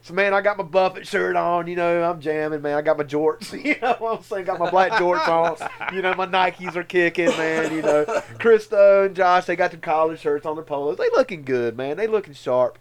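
High-voiced, laughing man telling stories. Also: normal speed, few pauses. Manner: animated, slangy, laughs often, calls others man and dude. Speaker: podcast co-host. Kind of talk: casual storytelling chat.

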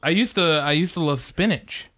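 A man's voice: on the high side, moderate pace, fairly bright tone. A man co-hosting a podcast in laid-back, joking casual chat. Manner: laid-back, joking, says "dude" a lot. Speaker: podcast co-host.

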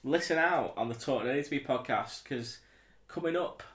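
A man co-hosting a podcast, chatty and quick to chime in. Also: mid-range voice, a bit bright. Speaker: podcast co-host. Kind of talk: casual chat. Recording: echoey room.

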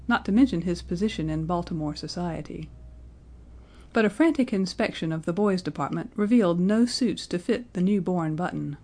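A woman narrating a classic story in a measured, composed reading style. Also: fairly low pitch, a little mellow.

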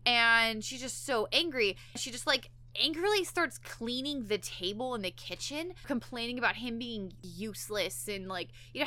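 A woman's voice: fairly high pitch, normal speed, few pauses. A woman on a podcast chatting casually as she recaps an episode, acting out characters' lines as she goes. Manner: animated, acts out characters' lines in quotes. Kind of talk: casual chat.

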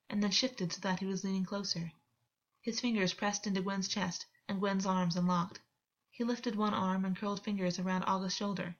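A woman reading fan fiction aloud, with calm, steady storytelling. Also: medium pitch, dull audio. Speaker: audiobook reader.

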